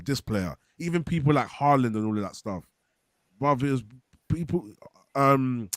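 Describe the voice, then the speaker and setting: A man's voice: mid-range voice, no echo, clean studio sound. A man hosting a casual football fan show, reading out viewer comments and giving his views. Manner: relaxed, reads viewer comments aloud. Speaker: football podcast host.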